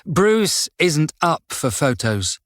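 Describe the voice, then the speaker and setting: A man voicing a calm, menacing male serial killer in an audiobook, speaking gently and without hurry. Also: fairly high pitch, no room sound, clean studio sound, pitched above the performer's own voice. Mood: calm menace. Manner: gentle, unhurried taunting. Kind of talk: audiobook character voice.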